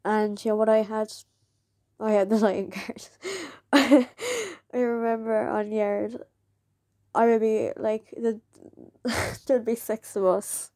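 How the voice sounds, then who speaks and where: A woman's voice: a little high, level tone, slow, pauses often, warm tone, no echo, clean studio sound. A woman, telling a personal story in a candid, chatty way and laughing often. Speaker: vlogger.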